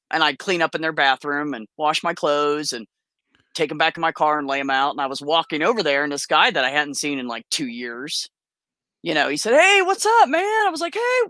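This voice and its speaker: A woman guest telling stories in a casual conversation, animated and laughing often, acting out the voices of the people she quotes. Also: deep voice, dry recording, clean studio sound. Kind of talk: casual storytelling.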